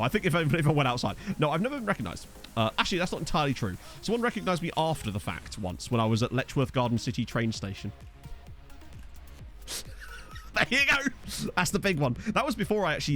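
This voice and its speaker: A man's voice: fairly high pitch, fairly bright tone. A young man from Essex with an Essex accent, chatting casually while streaming a football management game and answering his chat. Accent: Essex English. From Essex, England. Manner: chatty, reads chat aloud, jokey asides.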